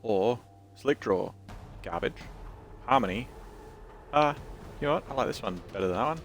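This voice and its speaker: A man's voice: mid-range voice, animated, moderate pace, a bit bright, faint music behind. A man streaming a video game, joking, rambling and reading game text aloud in casual commentary.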